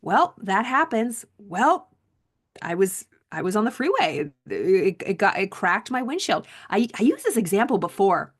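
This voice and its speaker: Woman coach, reads passages then riffs casually with emphatic repeats; middle-pitched voice. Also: sing-song, moderate pace. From Southern California. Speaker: mindset coach. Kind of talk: reading aloud and reflecting on a self-help book.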